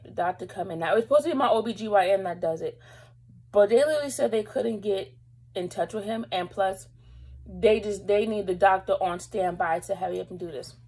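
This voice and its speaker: Husky young woman telling a personal story. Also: medium pitch, dark tone, low-quality recording. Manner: emotional, holding back tears; rambling, lots of fillers. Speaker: vlogger. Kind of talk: casual storytelling to camera.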